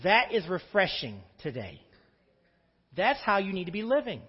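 Male pastor delivering a lively sermon, swinging pitch, recorded dull and muffled in a church. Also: normal speed, breathy edge, long reverb tail. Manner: preacher's call-and-response.

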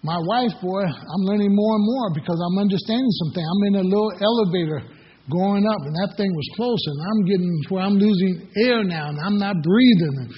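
A man's voice: high-pitched, fairly quick, a little hiss or hum. A middle-aged man preaching a sermon as pastor, telling folksy personal stories between scripture readings. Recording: echoey hall, dull lo-fi sound.

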